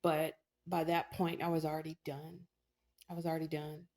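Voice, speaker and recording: Woman, low voice, personal testimony, earnest, casual storytelling, lots of fillers. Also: level tone, normal speed, a little mellow. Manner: frequent "you know" fillers, earnest and emotional. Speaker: testimony speaker.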